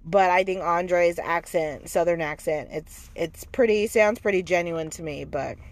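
A woman from outside the American South gives a blunt, opinionated and profane recap of a TV episode in a casual chat. Her voice is fairly low and her pace unhurried.

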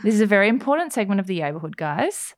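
Lively teasing young woman. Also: mid-range voice, very fast, a little hiss or hum. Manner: teasing, laughs often. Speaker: podcast co-host. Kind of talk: casual chat.

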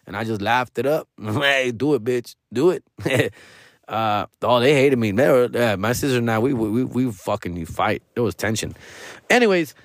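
A man's voice: medium pitch, moderate pace, no echo, clean studio sound. A man, telling stories casually, profane and slangy, dropping Spanish words. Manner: profane, slangy, code-switching into Spanish, animated quoting. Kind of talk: casual storytelling.

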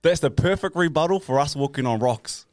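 A man's voice: a little high, lively intonation, brisk, a little mellow. A man co-hosting a casual podcast, teasing and laughing with his friends. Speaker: podcast co-host. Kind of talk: casual chat.

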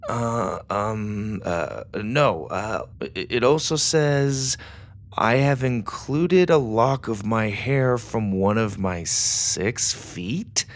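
A man's voice: fairly low pitch, extremely slow. A man voicing an earnest, easily flustered teenage boy who captains the crew. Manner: stammering when flustered.

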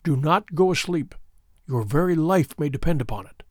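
A man voicing a shrewd, calm middle-aged male detective in a storybook reading, speaking in measured, probing questions. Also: a little high, dry recording, clean studio sound. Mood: hushed urgent.

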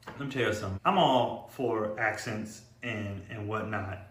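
A man's voice: fairly low pitch, moderate pace, fairly bright tone, reverberant. A man co-hosting a casual podcast, talking bluntly and swearing in exasperation. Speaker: podcast co-host. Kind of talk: casual chat.

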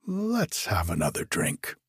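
A man reading aloud and voicing a hunted, evasive innkeeper who talks slowly and repeats himself. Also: deep voice, wildly swooping pitch, slightly rough, no room sound, studio quality, voice pushed down, heavily acted. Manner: slow, hesitant and repetitive.

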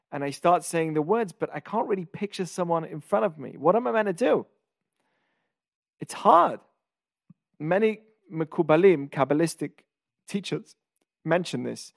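With a slightly high voice, vocal fry and a darkish tone, this man hosts a podcast on the weekly Torah portion. He teaches casually, unpacking Hebrew terms and asking rhetorical questions, in a dry, clean studio recording.

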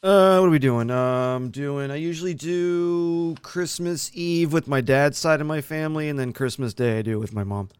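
Smooth-voiced man in a dry room. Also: fairly high pitch, moderate pace, hardly any pauses, no echo. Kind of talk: casual chat.

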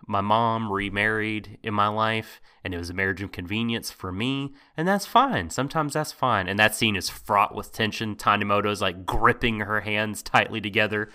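Casting note: bright, expressive man co-hosting a podcast, excitable rants, swears a lot. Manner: animated ranting, swearing, voice jumps high when exasperated. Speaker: podcast co-host. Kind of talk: casual anime discussion podcast.

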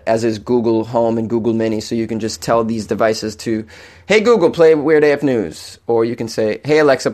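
A man hosting a comedy podcast, rambling excitedly and pitching his listeners in a casual comedic rant. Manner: rambling, excitable, animated shifts. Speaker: podcast host.

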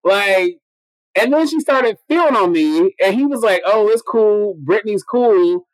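A man telling a story on a casual podcast, profane and animated, acting out every quoted line of dialogue. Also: high-pitched, measured pace, no room sound, poor audio.

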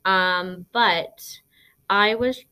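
A woman's voice: medium pitch, steady tone, extremely slow, bright, forceful tone, smooth. A young woman podcast host from Arizona, chatting casually through listener questions, rambling with lots of ums and likes, blunt and profane. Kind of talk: casual Q&A chat.

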